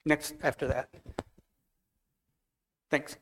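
A man preaching a relaxed, anecdotal sermon to a church congregation, telling stories and talking with people in the room. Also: on the high side, moderate pace. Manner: conversational, anecdotal, walks among the congregation. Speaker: guest preacher. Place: church hall.

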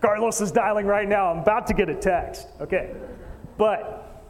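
A man preaching a sermon as pastor, animated storyteller who acts out voices and jokes with the congregation. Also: high-pitched, normal speed, in a large hall. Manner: animated storytelling, acting out quoted voices, joking with the crowd. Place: church stage in a hall.

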